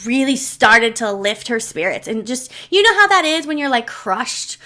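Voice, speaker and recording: Bright chatty woman telling a story. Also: on the high side, very animated, normal speed. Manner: chatty and rambling, many asides and fillers, emotional. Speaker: storyteller and channel host. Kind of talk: casual storytelling vlog.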